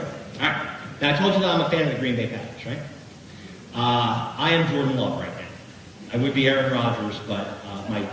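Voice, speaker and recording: A middle-aged man giving an animated, jokey keynote speech, talking straight to the crowd. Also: medium pitch, slight background noise. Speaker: keynote speaker. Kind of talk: motivational keynote speech to a live audience. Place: large hall. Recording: echoey hall from far off.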